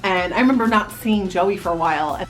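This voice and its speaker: A woman's voice: mid-range voice, a little fast, soft background music. A woman in her thirties from New Jersey, a vlogger casually telling a story to the camera and reminiscing in a chatty way. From New Jersey, USA. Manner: chatty, animated reminiscing with quoted voices.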